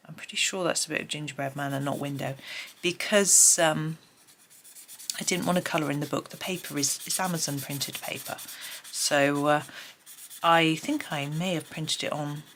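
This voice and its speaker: A woman's voice: sits low, steady tone, normal speed, fairly bright tone, slight background noise. A middle-aged woman with a chatty, rambling manner, talking casually at her desk while colouring. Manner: chatty, rambling, many ums. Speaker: colouring tutorial host. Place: home desk.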